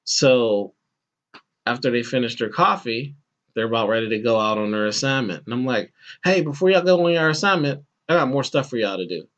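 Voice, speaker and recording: Animated male podcast host telling stories. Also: brisk, lo-fi sound. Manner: animated, acts out quoted voices with bursts of pitch. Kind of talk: casual storytelling chat.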